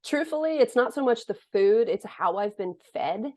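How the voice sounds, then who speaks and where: A woman's voice: a little high, animated, normal speed, a little mellow. A woman in her forties from the United States, a thriller author who answers interview questions in a casual, joking, self-deprecating way.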